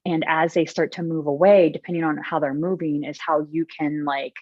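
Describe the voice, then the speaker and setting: Interview guest: woman, very low voice, chatty storyteller with lots of fillers, dry dull remote audio. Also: fairly even intonation, normal speed, a little mellow, no echo. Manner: chatty, many fillers, gets emotional when telling stories. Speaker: podcast guest.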